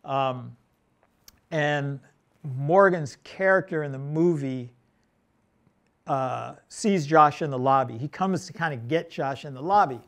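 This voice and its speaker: Animated middle-aged male storyteller. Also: a little high, takes it slowly, pauses often. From United States. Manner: animated storyteller, acts out quoted dialogue, many restarts. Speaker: film director, guest. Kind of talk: interview conversation, storytelling.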